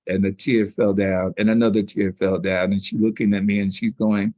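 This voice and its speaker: A man telling stories as a guest in a sit-down interview, animated and slangy. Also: lowish voice, normal speed, hardly any pauses, no room sound. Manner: animated storyteller with street slang. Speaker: public relations consultant, interview guest.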